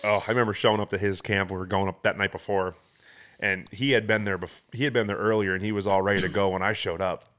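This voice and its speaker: A man with a low voice tells a story in loose, casual conversation. He laughs easily and acts out the sounds and moments he describes. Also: fairly even intonation, fast, fairly bright tone. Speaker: podcast host. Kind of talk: casual chat.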